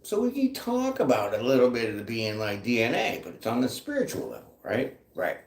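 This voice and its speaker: Host, male, lively pitch, loose joking delivery, roomy echo. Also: brisk, slight background noise. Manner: chatty and joking, reads out viewer comments. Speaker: tarot reader hosting a live chat. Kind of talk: casual live-stream talk. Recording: echoey room.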